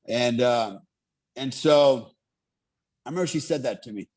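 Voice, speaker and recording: A man's voice: medium pitch, measured pace, pauses often, darkish tone. A middle-aged man who is a military veteran, telling his story in a casual interview with an earnest, rambling manner. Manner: rambling, many fillers, earnest.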